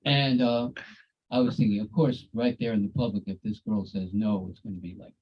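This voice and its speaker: A man's voice: fairly low pitch, steady tone, fairly quick, breathy edge, muffled recording. A man giving a devotional talk over a video call, telling stories in a conversational way with folksy asides. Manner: conversational, folksy asides like "you know" and "cool, eh".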